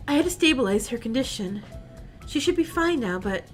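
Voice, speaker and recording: A woman reading out the lines of a calm, composed woman doctor in a game, measured and apologetic. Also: sits high, soft background music.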